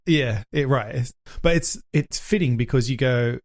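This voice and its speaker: A man's voice: mid-range voice, normal speed. A man co-hosting a casual podcast, easygoing, laughing often and trailing off mid-sentence. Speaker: podcast co-host. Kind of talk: casual chat.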